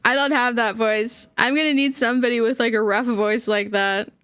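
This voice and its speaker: A woman's voice: a little high, fairly even intonation, moderate pace, fairly bright tone, clean tone, no echo. A young woman streamer chatting casually, giggling often and trailing off mid-sentence. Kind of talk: casual livestream chat.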